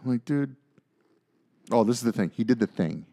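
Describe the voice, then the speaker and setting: A man in his thirties, a podcast co-host, telling a story in casual chat, ranting and swearing with animated energy. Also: fairly low pitch, rapid-fire.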